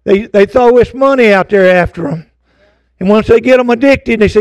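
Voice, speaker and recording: A man's voice: very high voice, fairly quick, a little mellow, dry recording, highs cut off. An older man preaching a fervent sermon to his congregation, with folksy asides. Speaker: pastor. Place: church sanctuary.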